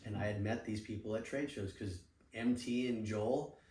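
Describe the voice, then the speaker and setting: Middle-aged male guest, lowish register, lively raconteur who acts out dialogue and swears; roomy, off-mic sound. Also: normal speed, distant mic, a little hiss or hum. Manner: animated, acts out quoted dialogue, swears freely. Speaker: podcast guest, surf apparel businessman. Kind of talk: casual storytelling interview.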